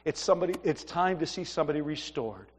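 A man preaching a sermon in a church and telling lively stories, acting out the voices of the people in them. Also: fairly high pitch, fast talker, big-room sound. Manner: animated storytelling, acts out voices in his stories. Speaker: pastor. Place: church sanctuary.

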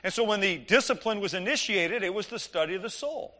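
A middle-aged man preaching, telling an animated, joking story and acting out the dialogue. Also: sits high, a little fast. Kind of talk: sermon storytelling.

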